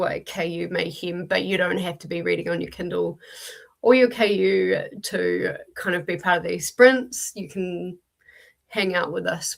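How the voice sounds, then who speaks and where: Leading reading sprints on a casual livestream, a New Zealand woman chats straight to her viewers, using plenty of ums in an early-morning voice. She sounds low-ish and gravelly.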